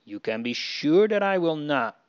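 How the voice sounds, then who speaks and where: A stern, scolding male ruler of Egypt, as a man reading a story puts him on, his voice smooth and clear on a dull, lo-fi recording. He sounds indignant and commanding. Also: medium pitch, animated, takes it slowly. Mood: angry.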